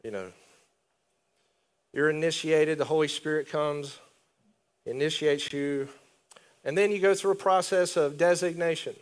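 High-voiced man preaching animatedly. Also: unhurried, long pauses. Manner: conversational, animated preaching with asides and laughs. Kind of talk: sermon.

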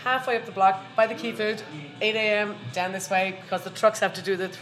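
A woman with an Irish accent, a podcast guest telling lively stories in casual chat and laughing often. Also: mid-range voice, fairly quick, faint music behind, low-quality recording. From Ireland. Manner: animated storyteller, laughs often, acts out quoted voices.

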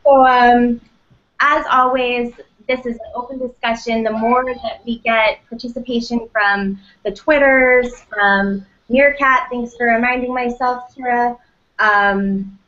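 A woman co-hosting a live talk show who speaks very slowly and in a measured way, her voice a bit high. She calls on the audience to send in questions. The audio is muffled and lo-fi. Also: fairly even intonation, fairly bright tone. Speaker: co-host. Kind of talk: casual live-show chat.

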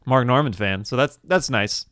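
A man's voice: medium pitch, normal speed, fairly bright tone, dry recording, studio quality. A man hosting a podcast, telling loose comic stories in casual chat. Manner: chatty, loose comic storytelling. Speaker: podcast host.

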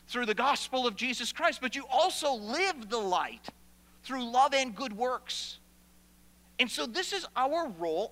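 A man preaching a sermon as pastor in a church, animated and playful with asides to the congregation. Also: extremely high pitch. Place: church sanctuary. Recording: long hall reverb.

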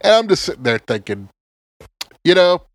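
With a high voice and a moderate pace, a man co-hosts a podcast in a casual, animated, sarcastic manner. He uses a lot of profanity and often stammers before restarting. The recording is dry.

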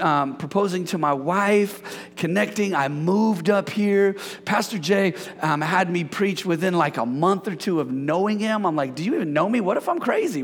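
A man in his forties preaching a sermon as pastor, playful and energetic, joking with the congregation. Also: sits high, vocal fry. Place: church sanctuary. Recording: long reverb of a church hall.

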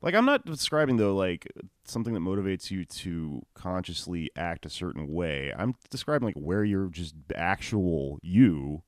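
Deep-voiced laid-back guy, dry mic. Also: very animated, moderate pace, dry recording. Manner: laid-back, laughs often, swears casually. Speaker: comedian. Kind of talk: casual podcast chat.

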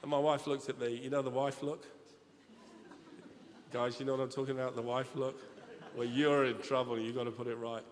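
Speaking fairly quickly in a level, medium-pitched tone, a middle-aged man jokes his way through a storytelling sermon. He addresses the congregation of a large church in a chatty manner, and the reverberant hall leaves a faint room ambience.

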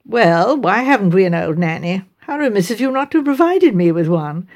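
A woman's voice: medium pitch, sing-song, brisk, darkish tone. A woman voicing a sardonic young man who mock-reproachfully teases his mother. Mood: teasing.

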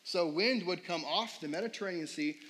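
A man's voice: high voice, a little fast, fairly bright tone, rough recording. A young adult man preaching a sermon as pastor in a casual, conversational way, full of fillers and questions put to the congregation.

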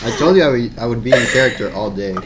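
A man who is a guest on a casual podcast, joking and playing around with his hosts. His voice is mid-pitched, and a clear layer of noise sits under it on the recording. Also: expressive, quick pace. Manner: joking, playful. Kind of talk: casual chat.

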